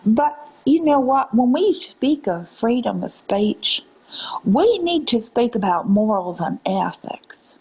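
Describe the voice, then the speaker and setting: A woman in a put-on Southern drawl lecturing viewers on a live stream, scolding them and calling them ma'am and darling, often dropping into breathy half-whispers. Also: fairly high pitch, sing-song, takes it slowly, darkish tone, rough recording.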